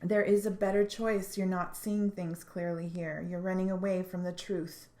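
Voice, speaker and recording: A woman giving a spiritual tarot reading in an earnest, halting way, often restarting her sentences. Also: lowish voice, flat delivery, warm tone. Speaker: tarot reader. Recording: echoey room.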